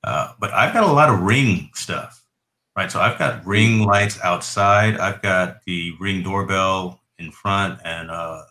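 A man's voice: low-pitched, takes it slowly, bright, forceful tone, echoey room. A man hosting a podcast in casual tech chat, talkative and often checking in with his listeners. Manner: chatty, tags lines with "right?". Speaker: podcast host.

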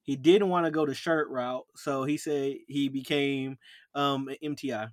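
A young man co-hosting a casual chat, telling military stories in a slangy, animated way and acting out the voices of people who yelled at him. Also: mid-range voice, moderate pace, dry recording, clean studio sound. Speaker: podcast co-host.

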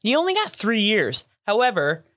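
A woman's voice: mid-range voice, wildly swooping pitch, normal speed, a bit bright, no room sound, studio quality. A woman co-hosting a podcast who recaps episodes in casual chat, laughs easily and acts out quotes. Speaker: podcast co-host.

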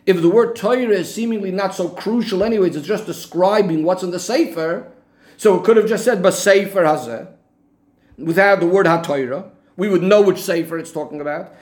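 A man's voice: sits high, a little fast, a little mellow. A man giving an explanatory Torah lesson, going through the reasoning methodically and restating each point step by step. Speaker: Torah teacher.

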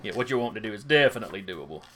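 A man's voice: on the low side, sing-song, rapid-fire, pushed and bright, slight background noise. A man running a tabletop game as game master, reading out rules plainly and asking players for rolls. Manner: reads rules aloud, plain and matter-of-fact.

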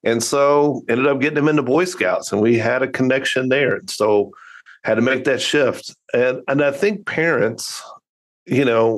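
A middle-aged man speaks as a podcast guest with earnest, reflective candor. His voice sits at an ordinary pitch, and he tells stories in a loose conversational way. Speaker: podcast guest, father and coach. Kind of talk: casual conversational storytelling.

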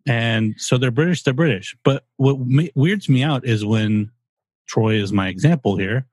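A man's voice: mid-range voice, moderate pace, darkish tone, no room sound. A man co-hosting a podcast, talking in an opinionated, rambling casual way with some swearing. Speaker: podcast co-host. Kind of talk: casual chat.

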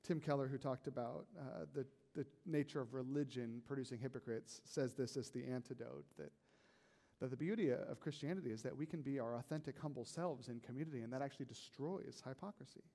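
A man preaching a sermon as a pastor, in a conversational, animated way with frequent "right?" asides. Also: medium pitch, a little fast, big-room sound.

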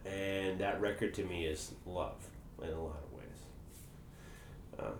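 A man co-hosting a podcast, chatting casually in a rambling, animated way and swearing freely. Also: low voice, slow, background noise. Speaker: podcast co-host. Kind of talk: casual chat. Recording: echoey room.

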